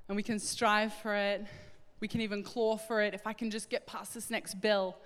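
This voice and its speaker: Animated woman preaching in an echoey hall. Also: medium pitch, normal speed. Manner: animated, acts out little scenes in voices. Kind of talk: sermon. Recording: echoey hall with long reverb.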